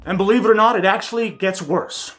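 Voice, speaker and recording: A man hosting a commentary vlog, talking with raw anger and swearing, his voice dropping low when upset. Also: brisk, a bit bright, soft background music. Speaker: political commentary vlogger.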